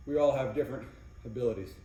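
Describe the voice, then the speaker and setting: Mellow-voiced man coaching a workout, echoey. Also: mid-range voice, fast. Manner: casual coaching, counting reps between exercise cues. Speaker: fitness coach. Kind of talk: workout instruction. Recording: very echoey room, mic far off, faint noise.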